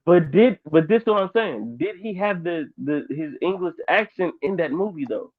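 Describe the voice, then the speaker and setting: A man from Dayton, Ohio, co-hosting a podcast, rambling in an animated casual chat with lots of fillers. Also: on the high side, moderate pace, no room sound. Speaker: podcast co-host. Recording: dry, tinny phone-like sound.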